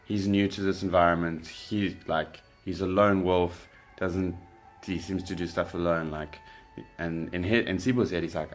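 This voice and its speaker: A young South African man casually telling a story, relaxed and rambling, with lots of fillers and restarts. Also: deep voice, moderate pace, few pauses, soft background music. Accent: South African English. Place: indoors by candlelight.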